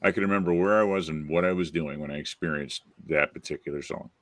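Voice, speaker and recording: A man hosting a casual movie chat, enthusiastic and quick to laugh. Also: extremely low pitch, no room sound. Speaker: podcast host.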